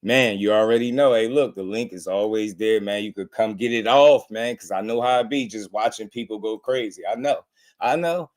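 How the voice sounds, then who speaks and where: A man's voice: fairly low pitch, moderate pace. Laid-back New Jersey livestream host, a man, chuckling through loose slangy banter with viewers. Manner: laughs often, relaxed slangy banter. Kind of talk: casual livestream chat.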